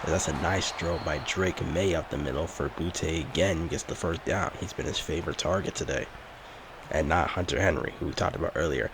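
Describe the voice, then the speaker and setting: Low-voiced man calling a football video game. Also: a little fast, background noise. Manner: mock sportscaster play-by-play, lively on big plays. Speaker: gaming YouTuber. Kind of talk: play-by-play game commentary.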